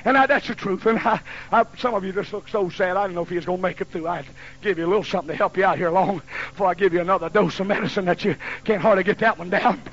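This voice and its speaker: A man in his fifties preaching a sermon in a folksy storytelling way that builds to shouting, on a dull lo-fi recording. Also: high voice, racing, hardly any pauses. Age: 50s. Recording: dull lo-fi recording with faint hiss.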